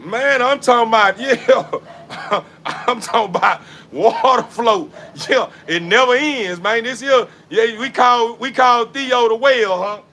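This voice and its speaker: A man rambles on in a high, bright voice, laughing between his repeated lines. He talks slangy and preachy while washing his dog in a yard, with faint noise behind him and his distance from the mic shifting. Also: unhurried. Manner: laughing, repetitive, preachy street talk. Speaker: dog breeder. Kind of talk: casual vlog while bathing a dog. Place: outdoors in a yard.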